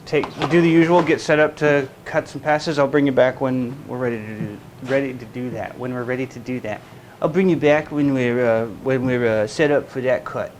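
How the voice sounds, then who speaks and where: A man's voice: mid-range voice, steady tone, normal speed, hardly any pauses, a little hiss or hum, rough recording. A man hosting a casual workshop vlog, rambling with frequent restarts and amusing himself by talking in a made-up accent. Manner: talks in a made-up silly accent. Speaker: guitar builder hosting a workshop channel. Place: woodworking shop.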